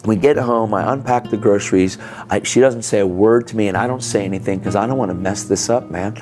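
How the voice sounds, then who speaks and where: A man's voice: on the low side, a little fast, over music. A man telling a dramatic testimony in a church sermon, speaking casually with "man" and "dude" and acting out the other people's voices. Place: church sanctuary.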